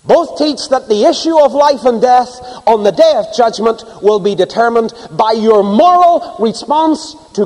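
A man preaching a sermon to a congregation, swinging from loud emphasis to hushed asides. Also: high voice, in a large hall, low-quality recording. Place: church before a live congregation.

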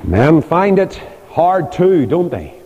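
A man's voice: a little high, sing-song, slow pace, mellow, highs cut off, slight background noise. An older man preaching a sermon about marriage, telling stories with emphatic delivery and rhetorical questions. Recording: long hall reverb.

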